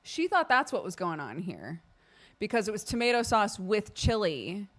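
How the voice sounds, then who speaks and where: A woman streamer telling a casual, expressive story to her live chat, acting out quoted speech. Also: medium pitch, moderate pace.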